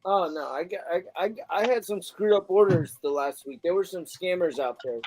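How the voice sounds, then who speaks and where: High-voiced man telling animated stories. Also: moderate pace, soft background music, low-quality recording. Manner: animated storytelling, frequent swearing. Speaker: delivery driver. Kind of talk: casual chat.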